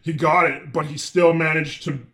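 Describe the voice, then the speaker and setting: Crude joking podcast guy from canada, kinda high voice, rambling on a call. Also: steady tone, normal speed, fairly bright tone. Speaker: podcast co-host. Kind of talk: crude casual chat. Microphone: video call.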